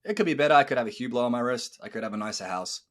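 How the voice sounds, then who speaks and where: A man's voice: medium pitch, very fast. A man in his thirties hosting a podcast as a coach, telling stories animatedly and acting out quoted dialogue. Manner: animated storyteller, acts out quoted dialogue, swears. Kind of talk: casual podcast chat.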